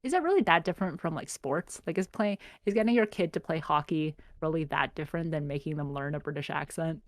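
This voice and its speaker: A woman's voice: deep voice, lively intonation, quick pace, no room sound, studio quality. A young woman co-hosting a podcast, chatting casually with lots of fillers and self-corrections. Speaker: podcast co-host. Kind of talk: casual chat.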